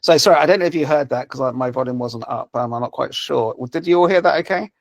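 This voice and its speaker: A man's voice: mid-range voice, quick pace, gravelly, dry recording, dull audio. A man presenting a language-learning app in a live webinar, talking over a video call with many fillers and restarts. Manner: hesitant, many fillers and repeated words.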